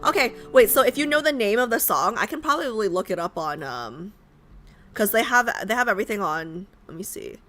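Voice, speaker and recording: A woman's voice: mid-range voice, big pitch swings, a little fast, fairly bright tone, faint music behind. A woman streamer chatting casually with her viewers, rambling and often asking them questions. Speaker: live streamer. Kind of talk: casual live-stream chat. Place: home streaming setup in New York.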